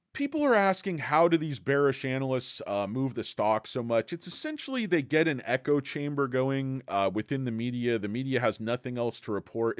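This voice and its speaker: Guy on a stock livestream, blunt and jokey, mid-pitched, dry close sound. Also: no room sound. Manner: blunt, brash, jokey, greets chat viewers. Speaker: livestream host. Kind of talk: casual stock talk livestream.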